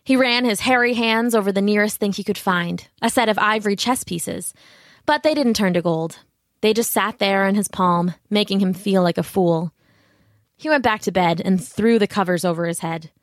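Woman, storybook narrator, steady delivery, dry recording. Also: medium pitch, normal speed, dry recording. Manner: clear, steady retelling with asides to the listener.

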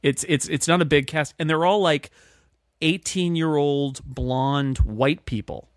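A man co-hosting a casual podcast chat about a film, rambling with restarts and animated asides. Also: fairly high pitch, measured pace, dry recording, studio quality. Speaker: podcast co-host.

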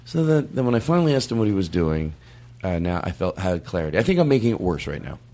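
Fast-talking animated male podcast host. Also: low voice. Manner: animated, self-aware, jumps into mock voices. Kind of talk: rambling comedy podcast chat.

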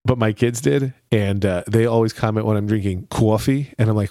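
A man's voice: on the low side, moderate pace, gravelly, hardly any pauses, mellow, no room sound. Man, podcast host, dry close-mic sound, wry and teasing. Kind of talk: casual chat.

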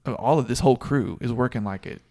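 A man's voice: mid-range voice, fairly quick, mellow. A man co-hosting a podcast, chatting casually and telling a story with frequent laughs. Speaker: podcast co-host. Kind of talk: casual sports chat.

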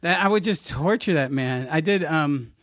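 A man's voice: a little high, expressive, normal speed, fairly bright tone, no room sound, studio quality. A man casually telling backstage stories about directing a television show, rambling with lots of fillers and restarts. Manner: rambling, many fillers and restarts, laughing asides. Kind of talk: casual storytelling chat.

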